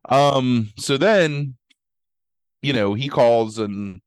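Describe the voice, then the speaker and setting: A man's voice: mid-range voice, extremely slow, pauses often, no echo, clean studio sound. Rambling man recapping a movie. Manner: rambling recap full of "like" and "um", acting out quotes. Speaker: podcast co-host reviewing a movie. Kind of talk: casual chat.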